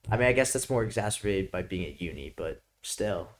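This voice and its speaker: Casting: young man, New York accent, slightly low voice, easygoing storyteller with lots of "like". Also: lively intonation, fairly quick. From Brooklyn, New York. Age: young adult. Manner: laid-back, laughing, lots of "like". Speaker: guest. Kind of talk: casual chat.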